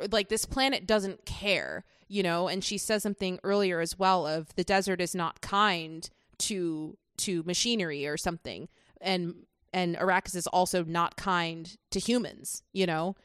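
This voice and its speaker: A woman's voice: lowish voice, a bit bright, dry recording, studio quality. A woman co-hosting a podcast, chatting casually about a film with enthusiasm and lots of fillers. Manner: enthusiastic, rambling with many fillers. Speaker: podcast co-host.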